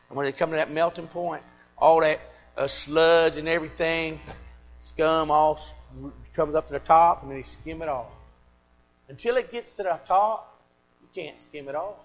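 A middle-aged man preaching a sermon, swinging between loud emphatic peaks and quiet confiding asides. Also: a little high, dull audio.

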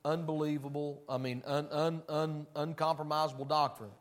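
A man preaching a sermon, emphatic and conversational, swinging between loud declarations and hushed, somber passages. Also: a little high, level tone, normal speed. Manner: conversational asides to the congregation.

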